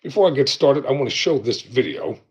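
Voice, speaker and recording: A man hosting his own show, talking in a slow, deliberate, preaching style with pauses. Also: medium pitch, big pitch swings, muffled recording, background noise. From United States. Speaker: show host. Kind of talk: monologue commentary.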